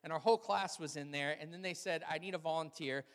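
Pastor guy preaching, high voice, funny animated storytelling, long echo like a big hall. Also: quick pace. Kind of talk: sermon.

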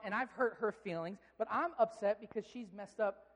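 A male pastor giving a sermon, telling a story with lively, animated delivery. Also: high voice, a little fast, few pauses. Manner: animated storytelling, shouting quoted outbursts. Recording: long hall reverb.

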